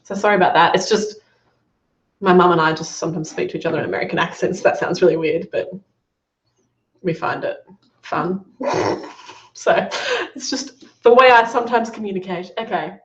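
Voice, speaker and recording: Upbeat woman coaching in a roomy, dull recording. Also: on the low side. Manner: upbeat, quick encouraging feedback. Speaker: online business coach. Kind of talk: live Q&A session.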